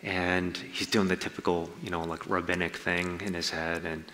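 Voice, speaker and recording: Bright-voiced pastor in an echoey hall. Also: male voice, low-pitched, level tone, normal speed. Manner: conversational, storytelling, slangy asides. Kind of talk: sermon.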